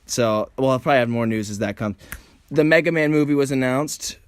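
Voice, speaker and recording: A young man co-hosting a podcast in casual chat, excitable and rambling, laughing often. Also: mid-range voice, a little fast, clean tone, no echo, clean studio sound. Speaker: podcast co-host.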